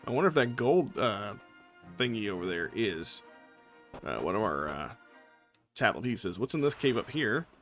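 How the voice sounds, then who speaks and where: A man's voice: lowish voice, very animated, moderate pace, pauses often, a bit bright. A man giving casual gameplay commentary as a let's play host, chatty and thinking aloud. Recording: faint game music behind.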